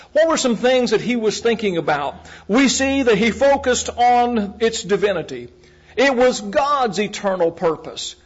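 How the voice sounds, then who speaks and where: A man preaching a sermon in a measured way, repeating key phrases for emphasis and asking the congregation direct questions. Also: sits high. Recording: muffled, lo-fi recording.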